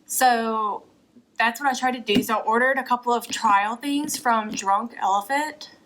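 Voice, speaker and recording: A woman's voice: fairly high pitch, normal speed, noisy background. A young woman vlogger chatting casually through an unboxing at home, a little out of breath and rambling with fillers. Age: young adult. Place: apartment.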